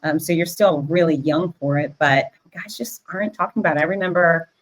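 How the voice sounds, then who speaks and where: Low-voiced woman hosting an interview. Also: fairly quick. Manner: candid and emphatic. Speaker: host.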